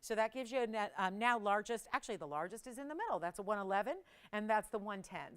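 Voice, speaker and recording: A woman's voice: mid-range voice, animated, quick pace, hardly any pauses, clean tone. Chatty woman hosting live jewelry sales. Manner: chatty and playful, laughs often, teases crew. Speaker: shopping channel host. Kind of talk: live on-air jewelry selling.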